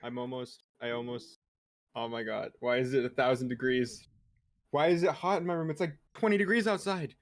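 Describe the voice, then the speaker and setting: A man of ordinary pitch grumbling in exasperation as he chats with friends before a stream. He sounds put-upon and complaining. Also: fairly even intonation, brisk, no echo. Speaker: tabletop game player streaming live. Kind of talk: casual banter among friends.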